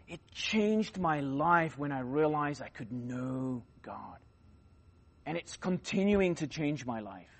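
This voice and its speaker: Male youth preacher, conversational and rambling, slightly high voice, punchy then hushed. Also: breathy edge. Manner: conversational, rambling with restarts and fillers; swings from loud emphasis to quiet asides. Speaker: youth conference speaker. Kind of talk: sermon.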